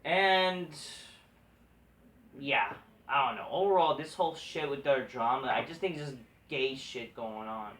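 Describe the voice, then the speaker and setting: In an unhurried, fairly bright voice of medium pitch, a wrestling vlogger rants casually and with plenty of swearing about wrestling news. He rambles, sounds exasperated and restarts often, and the mic sits far away in an echoey room.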